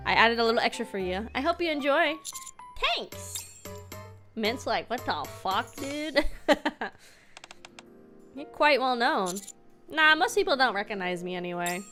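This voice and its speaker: Bright-voiced chatty woman streamer. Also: medium pitch. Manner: chatty, laughing, reads game lines aloud. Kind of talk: casual game stream chat.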